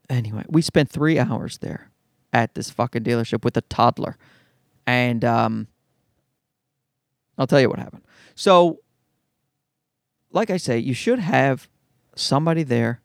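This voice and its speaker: A middle-aged man rants in a casual monologue, his voice high and swinging widely up and down. He swears freely and sounds exasperated. The sound is close and dry, with no room around it. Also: dry recording. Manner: profane, exasperated ranting. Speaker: comedian.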